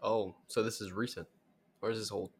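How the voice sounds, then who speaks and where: A man's voice: lowish voice, little pitch movement, a little fast, crowd noise. A young adult man co-hosting a podcast, teasing his partner and swearing casually in loose banter. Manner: teasing, joking, swears freely. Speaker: podcast co-host. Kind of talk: casual chat.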